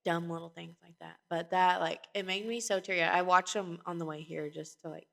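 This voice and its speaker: A woman's voice: lowish voice, steady tone, a little fast, vocal fry, a bit bright. A woman co-hosting a podcast, chatting casually and retelling stories with lots of fillers and restarts. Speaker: podcast co-host. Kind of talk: casual chat.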